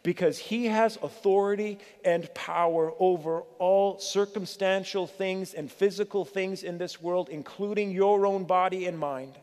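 A middle-aged man preaching a sermon as a pastor, earnest and pleading, with dramatic pauses. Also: high-pitched, fairly even intonation, a little mellow. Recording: long reverb of a church hall.

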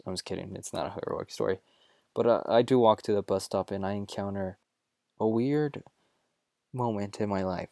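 Low-voiced young man telling a jokey story. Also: moderate pace, vocal fry, no echo, clean studio sound. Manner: jokey and animated, with self-corrections. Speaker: show host. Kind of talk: casual storytelling monologue.

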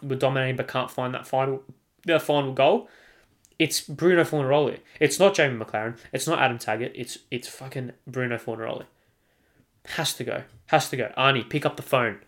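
An Australian man holds forth alone on his podcast, hammering his points home by saying them again and again. He talks at a middling pitch and swears without a second thought. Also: a bit bright. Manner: emphatic, repeats himself, swears freely. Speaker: podcast host. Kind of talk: solo sports podcast rant.

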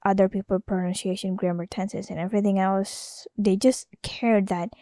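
A woman's voice: mid-range voice, level tone, moderate pace, warm tone, dry recording. A young woman from Indonesia, talking in a rambling, casual solo podcast monologue full of fillers and self-corrections. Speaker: podcast host.

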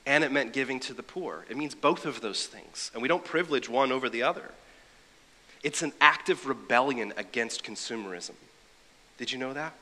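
A man delivers a sermon in a bright, forceful voice, chatty and wry rather than formal. His words ring out with a long hall reverb, as if recorded in a big church. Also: medium pitch. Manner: conversational, wry asides. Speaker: preacher.

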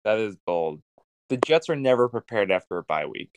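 A man's voice: fairly low pitch, sing-song, normal speed, noisy background. A man co-hosting a casual sports podcast, giving blunt, decisive predictions. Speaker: podcast co-host.

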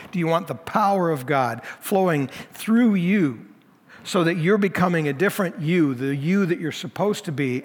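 Casting: male pastor, fairly high voice, chatty teaching sermon, long room reverb. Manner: conversational, paraphrasing scripture in plain speech. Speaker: lead pastor. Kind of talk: expository sermon.

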